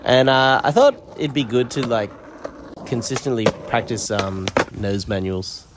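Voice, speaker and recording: A man's voice: medium pitch, lively intonation, a little slow, heavy background noise. A man narrating his skateboarding footage in casual voice-over, with many fillers and restarts. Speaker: skateboarding vlogger.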